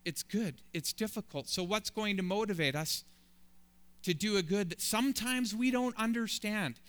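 A man's voice: sits high, moderate pace, a bit bright. A man preaching a sermon as a pastor, building emphatic, rising lists of phrases.

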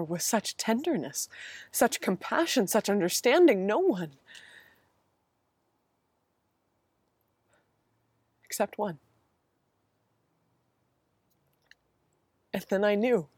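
A woman's voice: mid-range voice, a little mellow, slightly rough, no room sound. A woman playing a grieving female follower, telling her story in an intense, emotional first-person monologue. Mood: wondering. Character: grieving woman follower, searching and then overjoyed.

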